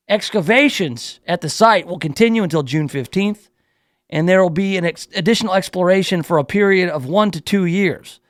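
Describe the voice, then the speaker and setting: A man's voice: high-pitched, brisk, no echo. A male radio talk show host reading a news story aloud in a playful, riffing way, drawing out words for emphasis in his studio.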